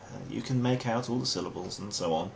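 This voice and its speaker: A man's voice: on the low side, fast talker, gravelly, a little hiss or hum. An English man hosting a comic explainer monologue in a dry, wry, mock-formal manner. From England. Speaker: host.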